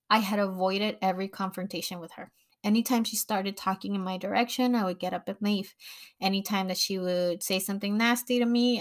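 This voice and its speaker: A woman talking casually on a podcast, candid and expressive, with a middle-pitched everyday voice. She tells her story frankly and swears freely. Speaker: podcast host.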